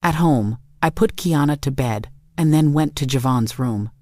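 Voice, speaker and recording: A woman with a low voice narrates a first-person family story in steady, reflective scripted narration. The recording is dry and close, with no room sound. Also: measured pace, no room sound.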